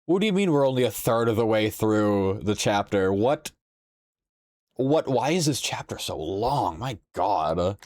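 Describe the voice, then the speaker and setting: A man's voice: on the low side, unhurried, no room sound, clean studio sound. Sleepy, playful man streaming a game. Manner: playful, animated, exclaims and laughs often. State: sleepy, yawning. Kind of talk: casual live-stream chat while playing a game.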